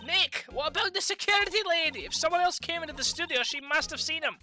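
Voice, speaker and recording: A woman voicing a peppy, excitable young female sidekick who talks eagerly. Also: extremely high pitch, quick pace, faint music behind, voice pushed up, full character voice.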